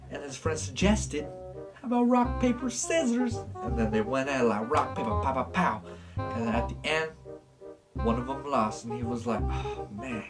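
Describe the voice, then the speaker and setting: A man improvising a goofy story in a low-key, deadpan way that breaks into animated bursts. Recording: distant mic with guitar music.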